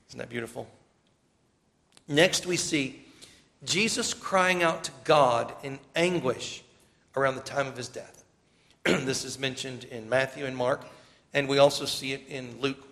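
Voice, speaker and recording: A man's voice: medium pitch, moderate pace, vocal fry, fairly bright tone. A man preaches a sermon and reads scripture aloud, his mid-range voice rising with emphasis in the quoted passages. His voice carries a long reverberant tail, as in a large hall. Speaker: pastor.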